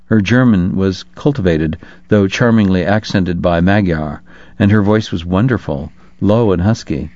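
A man reading an audiobook in a measured, even way. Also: sits low, dry recording. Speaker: narrator. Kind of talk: audiobook narration. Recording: dull lo-fi dry recording.

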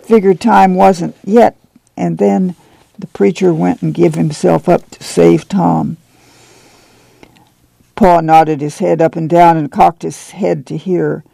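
A man reads a novel aloud for radio, his narration plain and even. His voice is heavily gravelly and dark, fairly high for a man, and sits close and dry on the mic. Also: slow, dry recording, low-quality recording. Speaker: audiobook reader.

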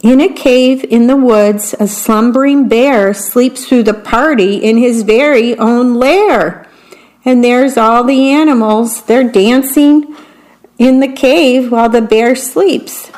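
A woman reads children's picture books aloud at an unhurried pace. Her voice sits a little high, and she pauses to talk about what is on each page. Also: poor audio. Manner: slow, expressive read-aloud with descriptions of the pictures. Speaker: storybook reader.

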